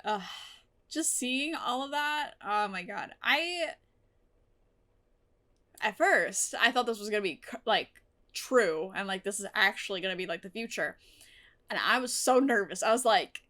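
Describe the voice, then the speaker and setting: A woman's voice: on the high side, expressive, unhurried, pushed and bright. A woman reacting to a TV episode in casual commentary, gushing and emotional, swearing freely. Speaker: TV reaction vlogger.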